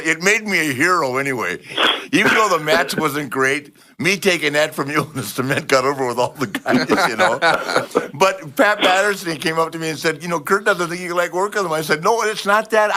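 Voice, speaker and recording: A man in his fifties or older hosting a podcast, telling wrestling stories in a lively voice, acting out dialogue and laughing often. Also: fairly high pitch, brisk. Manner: animated storyteller, acts out dialogue, laughs often. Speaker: podcast host. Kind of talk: casual storytelling chat.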